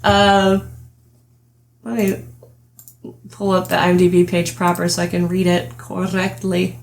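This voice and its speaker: A woman's voice: fairly low pitch, monotone, measured pace, vocal fry, a little hiss or hum. A young adult woman hosting a casual podcast chat, chatty and giggling often as she trails off and restarts her thoughts. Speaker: podcast host.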